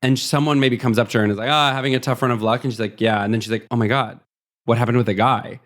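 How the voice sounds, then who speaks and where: A podcast co-host with a medium-pitched, fairly even voice casually retells a movie plot. He rambles through it, briefly acting out the characters' lines in quick snatches.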